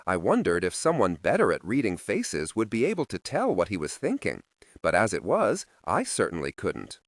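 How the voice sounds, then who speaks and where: A man narrating an audiobook in a slow, expressive storytelling voice, recorded on a close studio mic. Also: fairly low pitch, dry recording.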